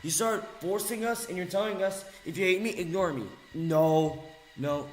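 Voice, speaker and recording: Young male ranter, higher voice, mocking and insulting, mutters then yells, echoey room. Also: moderate pace, slight background noise. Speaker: video ranter. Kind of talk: angry rant video.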